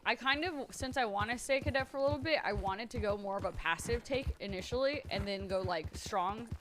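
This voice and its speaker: Speaking briskly in a slightly bright, medium-pitched voice with slight background noise, a young woman streamer tests out a character voice. Her talk is casual and full of swearing, with a slight twang and plenty of self-criticism.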